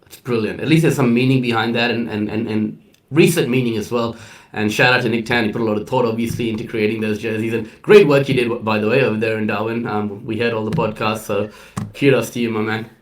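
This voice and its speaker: A man's voice: on the low side, steady tone, fast. A man co-hosting a casual sports chat, upbeat and calling people man and bro. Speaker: podcast co-host. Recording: distant mic.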